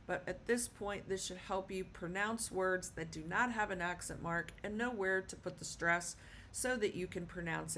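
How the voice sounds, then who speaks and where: A woman teaching a casual video lesson, speaking patiently and repeating words slowly for learners. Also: lowish voice, fairly bright tone, a little hiss or hum. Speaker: Spanish teacher.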